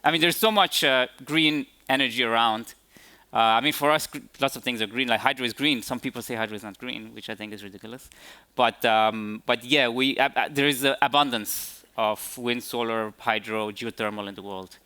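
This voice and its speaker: Man, conference speaker, bright ringing tone, hesitant, lots of fillers. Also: medium pitch, steady tone, fairly quick, clear, resonant tone. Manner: hesitant, many fillers and restarts. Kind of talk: conference Q&A answers.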